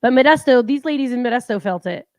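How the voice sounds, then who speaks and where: A woman co-hosting a casual live-stream chat from home, chatty and teasing and quick to laugh. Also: on the high side, animated, darkish tone, dry recording. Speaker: co-host.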